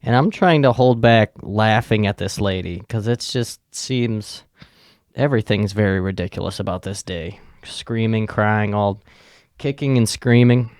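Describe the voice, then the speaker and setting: A man's voice: lowish voice, unhurried, a little mellow, smooth, no echo, studio quality. A man hosting a podcast, telling a long, profane, rambling anecdote in a casual way. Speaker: podcast host. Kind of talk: casual storytelling.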